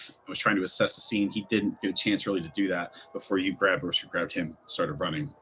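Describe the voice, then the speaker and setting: A man's voice: fairly low pitch, fast talker, sharp tone. A man narrating a tabletop game as game master, in a casual manner full of fillers.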